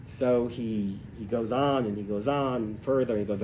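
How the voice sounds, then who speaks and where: A man teaching a live class, telling a story and acting out its characters in an animated way. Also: moderate pace, hardly any pauses, slight background noise. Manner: animated, acts out voices in stories, rises in pitch when excited. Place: hotel room, recorded live.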